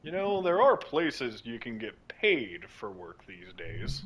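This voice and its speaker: A man's voice: mid-range voice, big pitch swings, takes it slowly, a bit bright, breathy edge, low-quality recording. A man streaming a game with a friend, keeping up casual joking banter. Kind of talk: casual gameplay chat.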